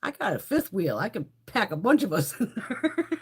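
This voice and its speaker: Lively, foul-mouthed American woman chatting live. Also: mid-range voice, measured pace, husky. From United States. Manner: blunt, heavy swearing, laughs often. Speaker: makeup livestream host. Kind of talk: casual livestream chat reading viewer comments.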